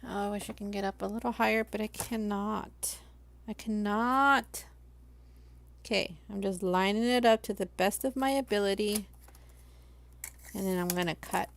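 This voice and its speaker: A woman's voice: medium pitch, normal speed, creaky, pauses often. A young adult woman from Los Angeles, chatting casually on a live stream and talking viewers through each crafting step.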